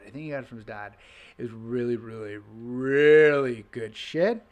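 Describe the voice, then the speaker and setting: A man's voice: mid-range voice, normal speed. A man hosting a podcast, telling stories in loose casual chat, full of fillers and swearing. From Canada. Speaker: podcast host.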